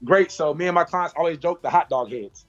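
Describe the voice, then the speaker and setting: A man's voice: a little high, brisk, soft background music. Upbeat man teaching a haircut, dull lo-fi sound. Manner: demonstrative, repetitive cues, playful sound effects. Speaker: barber educator. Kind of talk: hands-on haircutting class. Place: salon.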